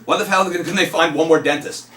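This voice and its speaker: A man's voice: on the high side, a little fast. A man who owns an arcade and hosts a podcast, chatting and telling jokes in a casual, joking way. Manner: joking, laughing, animated. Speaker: arcade owner and podcast host. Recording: roomy hall, distant mic, faint noise.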